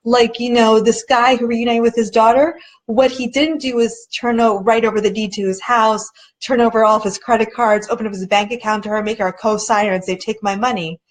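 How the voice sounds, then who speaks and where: A woman with a somewhat high voice hosts a casual live video chat. She speaks earnestly and conversationally, slipping into other people's voices when she quotes them. Now and then she stalls and restarts while searching for a word. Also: fairly even intonation, fairly quick, few pauses. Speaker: documentary director hosting a live chat.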